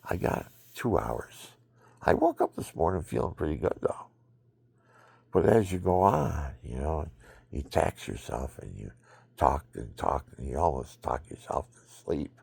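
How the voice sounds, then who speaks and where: Very deep, gravelly drowsy man. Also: sing-song, measured pace, no room sound. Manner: rambling, drifting between loud bursts and murmurs. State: sleepy, extremely tired. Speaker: vlogger. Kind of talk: rambling religious monologue. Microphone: phone.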